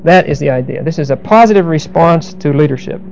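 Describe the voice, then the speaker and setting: Middle-aged male preacher, mellow dark voice, teaching scripture with grammar asides and humor; faint background hiss. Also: fairly high pitch, animated, fairly quick, creaky, dull audio. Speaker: pastor. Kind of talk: verse-by-verse sermon.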